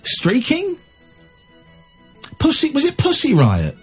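A man's voice: medium pitch, big pitch swings, normal speed, breathy edge, soft background music. A man hosting a radio phone-in, thinking aloud with many restarts. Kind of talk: casual radio talk.

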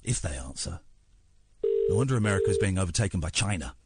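A man's voice: low voice, lively intonation, fast talker, very noisy. A British man hosting late-night talk radio, playful and teasing, with a mock-serious manner. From Britain. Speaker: radio host. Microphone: studio microphone.

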